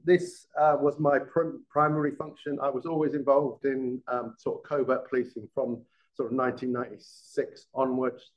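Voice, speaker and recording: A middle-aged Englishman who used to be a police detective gives a live classroom lecture, often restarting words and checking in with his students. His medium-pitched voice moves little in pitch, his pace is moderate, and the recording is muffled.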